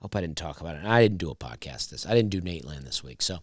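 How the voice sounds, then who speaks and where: Smooth baritone man telling a story. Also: animated, quick pace, no echo, studio quality. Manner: chatty and rambling, with wry asides. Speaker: comedian and podcast host. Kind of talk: casual storytelling monologue.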